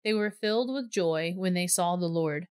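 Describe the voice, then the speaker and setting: A woman reading a Bible passage aloud in a clear, measured storytelling voice. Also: on the low side, a little mellow, no echo, studio quality. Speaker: scripture reader.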